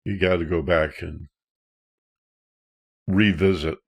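A man's voice: low-pitched, fairly even intonation, takes it slowly, vocal fry, husky. A man, a counselor, talking earnestly about fear and childhood feelings, posing rhetorical questions. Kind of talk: talk on emotional self-awareness.

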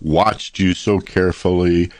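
A man's voice: low-pitched, fairly even intonation, a little slow, darkish tone, dry recording. A middle-aged man hosting a radio interview in a studio, conversational and admiring. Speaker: radio host.

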